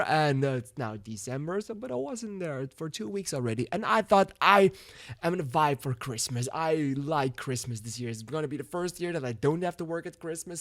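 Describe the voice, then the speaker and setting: A man's voice: a little high, dry recording, clean studio sound. A man with a Dutch accent reviewing a film in a frank, casual way, swearing now and then. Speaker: movie reviewer.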